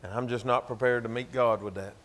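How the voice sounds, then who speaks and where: A man's voice: medium pitch, fairly even intonation, brisk, fairly bright tone. A man with a Georgia Southern accent, preaching a sermon as a pastor and telling a story in a folksy, emphatic way. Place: church.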